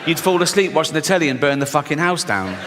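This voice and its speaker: Sardonic comedian in a reverberant hall. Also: male voice, on the high side, lively intonation, quick pace. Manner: crude, sardonic storytelling with frequent swearing. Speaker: stand-up comedian. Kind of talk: stand-up comedy. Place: live comedy venue on stage. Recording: live hall reverb, faint noise.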